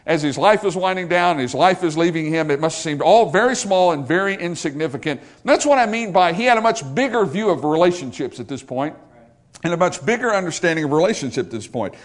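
A man preaching a sermon, emphatic and repetitive, swinging from loud stresses to hushed lines. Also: fairly high pitch, lively intonation, quick pace.

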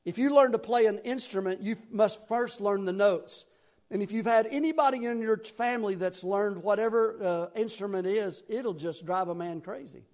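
A middle-aged man from Tennessee with a Southern accent, preaching a sermon in a folksy, rambling way with sudden loud bursts. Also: high voice, normal speed. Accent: Southern American. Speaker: pastor.

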